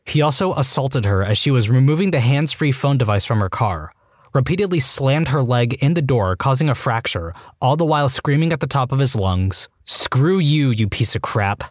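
A man reading out online stories as a scripted narration, with a lively storytelling delivery. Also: mid-range voice, fairly quick, no room sound, clean studio sound.

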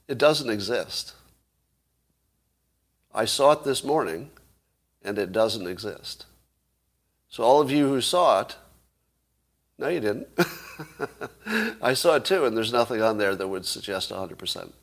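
A man hosting a casual livestream speaks at normal speed in a medium-pitched voice with big pitch swings and long pauses. He argues his point, fires rhetorical questions at viewers, and chuckles now and then.

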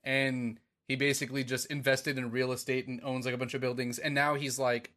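A man's voice: medium pitch, level tone, a little fast, hardly any pauses, a bit bright. A man co-hosting a podcast in a rambling, casual chat, swearing and laughing often. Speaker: podcast co-host.

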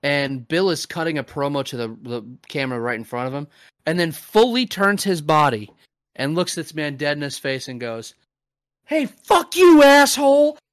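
A man's voice: fairly high pitch, expressive, normal speed, a bit bright, smooth, no echo, clean studio sound. A man hosting a podcast, recapping a wrestling show in loose, profane casual chat full of fillers. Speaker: podcast host.

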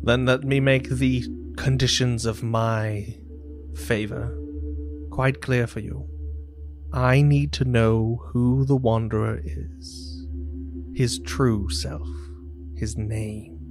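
A man gives voice to a weary, earnest higher power who speaks slowly and gravely. His unhurried, mid-pitched delivery sits over a calm bed of music with a singing bowl. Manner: measured, grave, slow-spoken. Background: ambient music with singing bowl.

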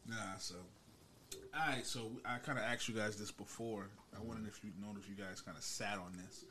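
A man's voice: fairly low pitch, steady tone, fairly quick, a crowd in the background. A man hosting a casual podcast, telling profane stories about work. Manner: profane, storytelling, laughs often. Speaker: podcast host and paramedic.

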